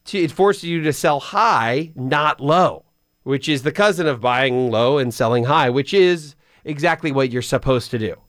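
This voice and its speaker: A man's voice: mid-range voice, measured pace, a bit bright, no echo, clean studio sound. A man hosting a radio finance call-in show, explaining money advice in a conversational way, often restarting sentences. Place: radio studio. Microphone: studio microphone.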